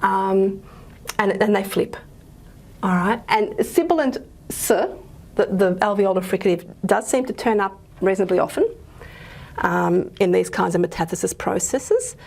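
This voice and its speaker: Husky chatty woman lecturing. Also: mid-range voice, measured pace, darkish tone. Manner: chatty, self-correcting, many fillers. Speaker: university lecturer. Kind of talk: recorded linguistics lecture.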